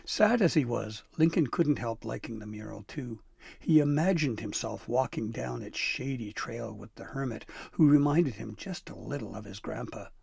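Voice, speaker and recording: Gravelly man narrating a storybook. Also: medium pitch, lively intonation, moderate pace, a little mellow, dry recording, studio quality.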